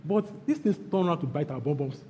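A Nigerian-accented man preaches a sermon, his fairly high, mellow voice leaping between loud bursts and hushed asides. He hammers phrases over and over. The sound rings with long hall reverb over faint ambience. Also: animated, fairly quick, a little hiss or hum. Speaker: pastor.

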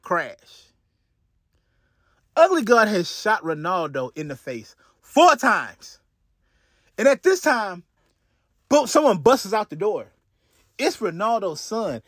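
A man's voice: sits high, sing-song, slow pace, pauses often, fairly bright tone, no room sound. A man hosting a podcast, retelling a crime story in a casual, profane way with lots of restarts and asides, on a close mic. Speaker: podcast host.

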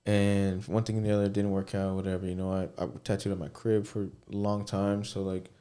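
A man's voice: fairly low pitch, monotone, brisk, dark tone. Laid-back swearing man, podcast guest. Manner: laid-back, swears a lot, fills talk with "you know". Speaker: tattoo artist and shop owner, podcast guest. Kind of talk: casual podcast chat.

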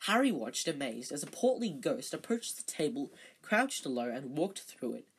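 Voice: mid-range voice, big pitch swings, normal speed, husky. Stumbling, chatty amateur reader of a novel. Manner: stumbling, self-correcting, chatty asides. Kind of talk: reading a novel aloud.

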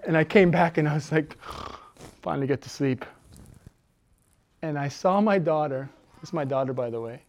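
A man preaching a sermon as a pastor. He talks conversationally with fillers, and swings between loud, emphatic preaching and soft, low asides. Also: normal speed, long pauses, slight background noise. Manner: conversational, with fillers and self-corrections.

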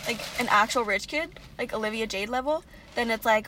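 Higher-voiced valley-girl young woman. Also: a little fast, background noise. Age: young adult. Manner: valley girl speech, swears casually. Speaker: podcast co-host. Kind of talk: casual chat.

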